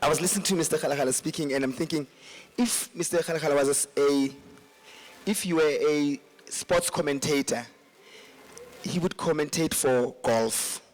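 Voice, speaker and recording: A man's voice: a little high, normal speed. A man hosting an awards event as MC, teasing the audience and putting on a posh way of speaking. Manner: playful, teasing, puts on a posh tone. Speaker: master of ceremonies.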